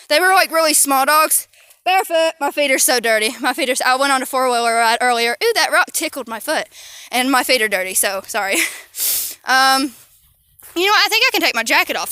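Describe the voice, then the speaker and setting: A young woman chats into a handheld phone while she walks outside with her dog. She rambles and gets sidetracked easily, and her high, bright voice sounds close and dry. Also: no room sound. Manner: rambling, chatty, easily distracted. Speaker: vlogger. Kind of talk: casual chat. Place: outdoors, walking with her dog.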